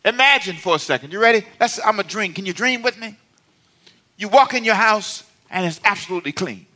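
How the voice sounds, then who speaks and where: A man's voice: high voice, a little fast, pushed and bright. A middle-aged man, a pastor, preaching a sermon in a playful, conversational way and calling on the congregation to respond.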